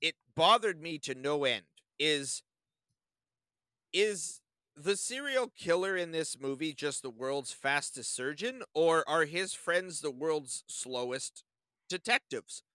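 A man's voice: fairly high pitch, lively intonation, takes it slowly, pushed and bright, no room sound. A man co-hosting a podcast in casual chat, wry and nitpicky, chuckling often. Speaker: podcast co-host.

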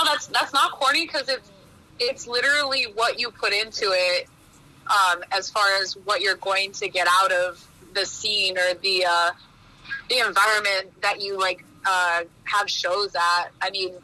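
A woman's voice: on the high side, sharp tone, poor audio. A woman in a band, chatting in a laid-back way, swearing casually and trailing off. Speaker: band member guest. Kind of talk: casual chat.

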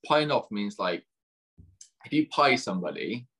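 A man's voice: on the low side, sing-song, moderate pace, a bit bright, slightly rough. A young English man, a dating coach, chatting casually and full of British slang. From England. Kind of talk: casual chat.

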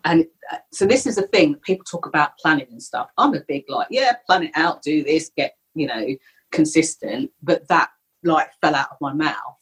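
A woman's voice: low voice, moderate pace, slightly rough, rough recording. A middle-aged woman, a podcast guest, candidly and reflectively recounting a personal story. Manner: candid, reflective, animated when retelling.

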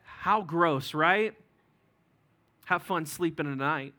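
A male pastor preaching a sermon to his congregation, with joking asides dropped quietly between points. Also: fairly high pitch, slow. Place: church sanctuary.

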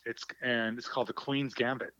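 A man's voice: mid-range voice, level tone, a little fast, bright, forceful tone, no echo. A middle-aged man calling in as a podcast guest, friendly and chatty. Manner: friendly, chatty, laughs easily. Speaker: guest on a phone call. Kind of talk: casual chat. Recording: dull dry phone line.

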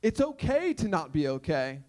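A man's voice: on the high side, big pitch swings, moderate pace, darkish tone. A male pastor delivering a conversational sermon, emphatic and full of repeated rhetorical questions.

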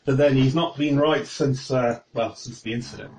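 A man's voice: mid-range voice, steady tone, normal speed, a little mellow, a little hiss or hum, natural voice, poor audio. Brief: man playing a chatty middle-aged camp follower; plain mid voice, rambling and hesitant. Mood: informative.

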